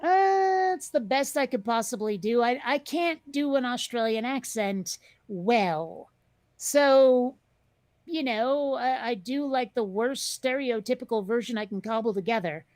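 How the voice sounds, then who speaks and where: A woman's voice: fairly high pitch, expressive, unhurried, darkish tone, no room sound. A woman hosting a casual chat show, talking in a rambling, chatty way with lots of fillers and restarts. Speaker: podcast host.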